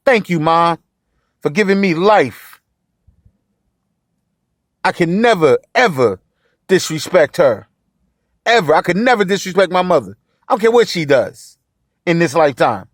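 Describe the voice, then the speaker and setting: A man's voice: high-pitched, very animated, a little slow, pauses often, dry recording, clean studio sound. A man hosting a podcast in impassioned solo commentary, outraged and emphatic, repeating phrases for force. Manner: outraged, voice rising and pressing. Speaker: podcast host.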